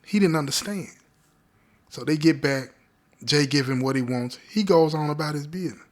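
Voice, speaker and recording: A man's voice: fairly high pitch, moderate pace. A man hosting a show, telling a story in a casual, conversational way with street slang, often checking in with his listeners. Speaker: podcast host telling a story.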